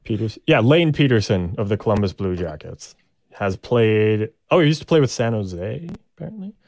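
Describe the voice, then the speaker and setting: A man's voice: lowish voice, big pitch swings, normal speed, a little mellow, no echo. A man co-hosting a casual sports podcast, rambling and hesitant with many restarts. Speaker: podcast co-host.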